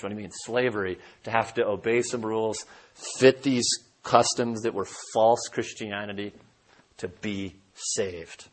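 A man preaching an expository sermon, emphatic, asking his listeners rhetorical questions and swinging between loud and soft. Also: medium pitch, breathy edge.

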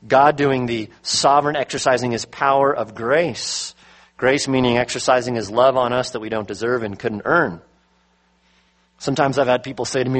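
A man's voice: mid-range voice, a bit bright, low-quality recording. Emphatic male preacher. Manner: emphatic, slows to stress key words. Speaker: pastor. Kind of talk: sermon.

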